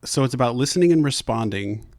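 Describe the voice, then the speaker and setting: A man's voice: mid-range voice, animated, a little mellow, no room sound. Male interviewer, fumbles toward his questions; dry, close recording. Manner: halting, searching questions with many restarts.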